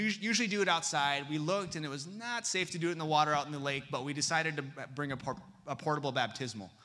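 Delivering a sermon packed with stories, a young campus missionary voices the characters' dialogue, his pitch leaping abruptly. He speaks with a sharp tone.

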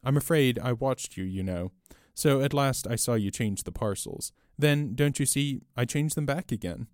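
A man reading aloud and voicing a small, mild older priest with a gentle, apologetic, quietly shrewd manner. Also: medium pitch, moderate pace, no echo, studio quality, pitched above the performer's own voice, close to an everyday voice.

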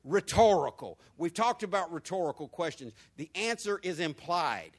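A high-voiced man delivers a sermon. He asks the congregation question after question, climbing in pitch and volume on the repeated phrases, then sinking to a low murmur. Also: lively intonation, moderate pace. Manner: preaching with big swings in pitch and volume, rhetorical questions to the congregation. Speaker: pastor.

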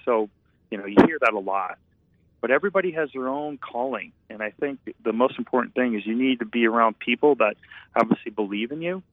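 This former architect turned painter has a mid-range voice and talks a little fast. His reflective storytelling is earnest and meandering, heard through thin, phone-like audio.

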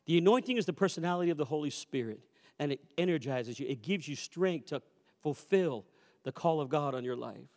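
A man preaching a sermon as a pastor, telling a story with animated, acted-out quotes and repeated refrains. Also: a little high, fairly quick, in a large hall. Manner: animated storyteller who acts out quoted voices. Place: church sanctuary.

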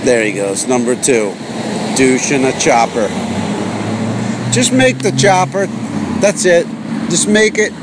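A man's voice: mid-range voice, expressive, slow pace, pauses often. A man hosting a solo podcast from his car, rambling in a sarcastic, self-mocking rant. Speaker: podcast host. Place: in a car while driving. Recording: car with road noise behind.

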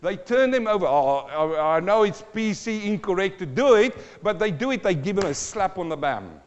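Lively high-voiced preacher in a reverberant hall. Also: male voice, moderate pace, dull audio. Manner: dramatic, acts out sounds and voices, asks the congregation questions. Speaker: pastor. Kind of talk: sermon.

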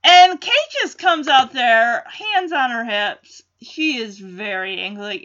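Woman vlogger, high bright voice, unhurried chatty recap, a bit lo-fi. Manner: chatty, amused, acts out quotes. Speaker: vlogger recapping a sitcom episode. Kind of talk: casual reaction chat.

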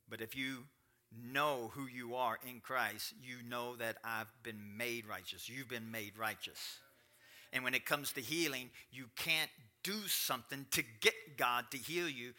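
A man's voice: mid-range voice, bright, forceful tone. A middle-aged man pastor giving a sermon, chatting plainly with the congregation and then building up to emphatic preaching. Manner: conversational, swinging to rising emphatic preaching.

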